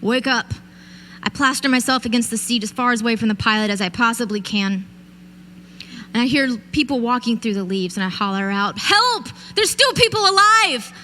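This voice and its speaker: High-voiced woman telling her story. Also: brisk, a bit bright, slight background noise. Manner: vivid storytelling, addresses audience directly. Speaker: keynote speaker. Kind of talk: motivational speech. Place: event stage.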